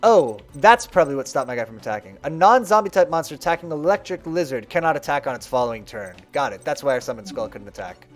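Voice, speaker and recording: A man's voice: a little high, very animated, quick pace, few pauses, soft background music. A man streaming a card game live, chatting casually and explaining moves as he plays.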